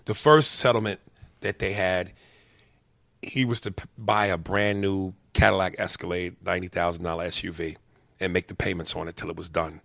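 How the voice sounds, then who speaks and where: Ranting with profanity, a man tells a heated story, his voice full of vocal fry as it lurches from loud outbursts to low, muttered asides. The recording is dry and studio quality.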